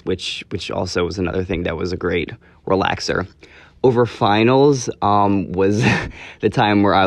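A man's voice: on the low side, no echo. A teenage boy hosting his own podcast, talking casually and earnestly, often correcting himself as he goes. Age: teens. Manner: rambling, earnest, self-correcting. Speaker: podcast host. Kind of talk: casual solo podcast talk.

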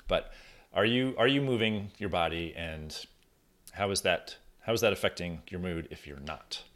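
A man with a deep, low-pitched voice hosts a solo podcast and speaks to his listeners in a loose, conversational way. He often restarts and corrects himself in the middle of a thought, as if thinking aloud at his desk. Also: normal speed, a bit bright. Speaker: podcast host. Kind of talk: casual solo podcast talk. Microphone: recording on camera at desk.

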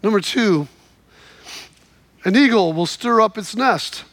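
This preacher's very high, bright voice carries a sermon of dramatic stories and fervent exhortation, delivered slowly and expressively. The sound is close and dry, without any room sound.

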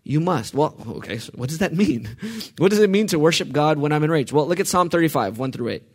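Guy preaching a sermon, kinda high voice, asks the crowd stuff, gets loud and fired up. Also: lively intonation, a little fast. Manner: swings from quiet reading to loud, emphatic outbursts; asks the audience questions. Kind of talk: sermon teaching on the Psalms.

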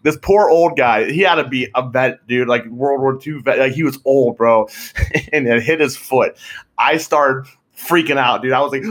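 A man's voice: medium pitch, normal speed, a bit bright. Casual male podcast co-host, rambling storyteller, profane, laughs often. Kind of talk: casual chat.

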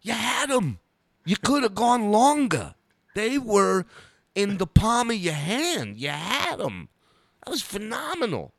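A man acting out a loud, brash male headliner comedian in pushy, excited bursts. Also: high-pitched, slow, vocal fry, no room sound, studio quality, voice pushed up, full character voice. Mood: gushing.

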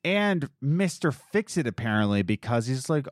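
Animated young man venting on a podcast. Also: medium pitch, moderate pace, no room sound, clean studio sound. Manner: animated storytelling, mimics others in quotes. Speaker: podcast co-host. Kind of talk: casual chat.

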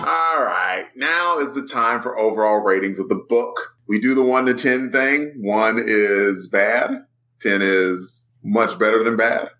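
A man's voice: fairly low pitch, unhurried, bright, forceful tone, slight background noise. A man hosting a casual comic-book podcast chat, laid-back and joking with his co-hosts. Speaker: podcast host.

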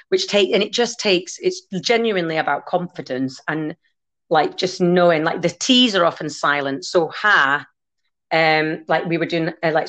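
A woman's voice: low voice, a bit bright. A woman raised in Scotland, chatting casually on a podcast as a guest who teaches Gaelic, rambling with many restarts.

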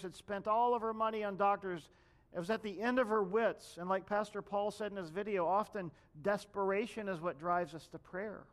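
A man preaching a sermon in a conversational way, addressing the congregation directly and acting out the people in the story. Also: high voice. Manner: conversational preaching, acts out quoted voices. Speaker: pastor.

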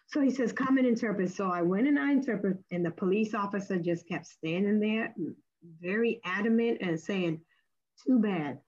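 A woman with a husky, slightly breathy voice tells a faith testimony like an animated storyteller. She leaps up in pitch whenever she acts out what someone said. The audio is a little muffled and lo-fi. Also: moderate pace. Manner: acts out quoted speech with big pitch jumps. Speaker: guest sharing a testimony.

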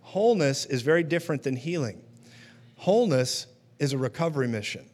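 A man's voice: fairly high pitch, animated, a little fast, a little mellow. A man preaching a sermon in a conversational teaching manner, often checking in with his listeners.

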